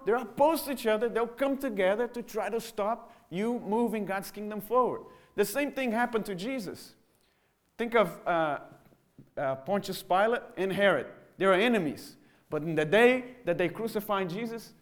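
Man, high voice, pastor, lively sermon, acts out voices. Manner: animated preaching that acts out mocking voices of others. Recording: church sermon audio.

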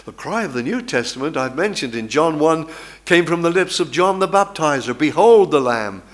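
Male preacher, sermon; emphatic, dramatic storyteller with a slightly high voice. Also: lively intonation, fairly quick, a bit bright.

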